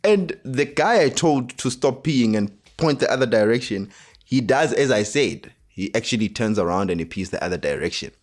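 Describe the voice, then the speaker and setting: A man with a South African accent, hosting a motivational talk and telling a personal story, acting out the dialogue with animation. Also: moderate pace. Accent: South African English. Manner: animated, acts out dialogue with rising pitch. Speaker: host.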